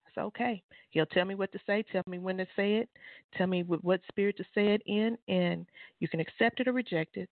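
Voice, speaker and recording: A woman, an author and guest, giving fervent, preachy testimony on a call-in show, leaping into high exclamations. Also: a little fast, dry recording. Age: adult mother. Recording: tinny phone line.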